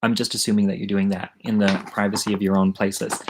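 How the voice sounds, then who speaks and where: A man's voice: fairly low pitch, level tone, quick pace, a little hiss or hum, poor audio. A middle-aged man telling a story from his childhood in a chatty, rambling way, swearing freely, as the host of an online story hour. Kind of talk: casual live-streamed storytelling.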